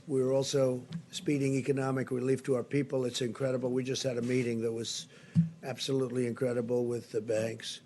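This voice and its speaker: Older guy at a podium, flat monotone, keeps repeating big superlatives, bit of background hiss. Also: mid-range voice. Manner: repetitive, emphatic, superlative-heavy delivery. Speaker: political leader giving a briefing. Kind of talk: spoken press briefing remarks. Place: briefing room.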